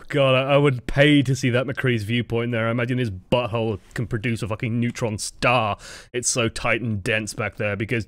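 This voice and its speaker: A man coaching players through a gameplay review, blunt and sweary with lively reactions, close to his microphone. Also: mid-range voice, brisk, no echo. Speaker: game coach reviewing footage. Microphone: close desk microphone.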